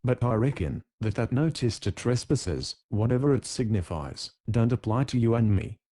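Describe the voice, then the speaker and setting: A man's voice: mid-range voice, animated, moderate pace, warm tone, lightly acted. A man voicing a genial, talkative American businessman with a folksy, friendly American manner, in an audiobook.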